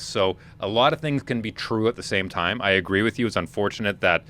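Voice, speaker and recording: A man's voice: fairly low pitch, a little fast, a bit bright. A man in his forties co-hosting a casual podcast, opinionated and rambling with frequent restarts. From Manitoba, Canada. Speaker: podcast co-host.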